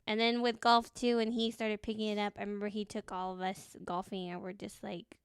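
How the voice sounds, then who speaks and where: A woman's voice: medium pitch, little pitch movement, a little fast, smooth, no echo, clean studio sound. A woman co-hosting a casual podcast chat, giggly and loose, swearing freely. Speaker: podcast co-host.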